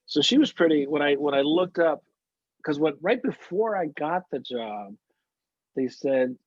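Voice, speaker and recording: Husky man telling stories. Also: fairly high pitch, moderate pace, no echo. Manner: anecdotal, warm storytelling with frequent restarts. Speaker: actor guest. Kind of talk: casual interview chat. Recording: muffled, dry lo-fi audio.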